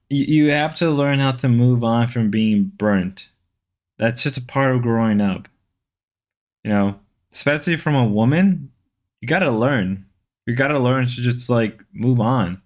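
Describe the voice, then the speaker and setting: A man hosts a relaxed livestream from home, reading viewer comments aloud. He rambles and repeats words as he goes. His voice sits at an ordinary middle pitch. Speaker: livestream host.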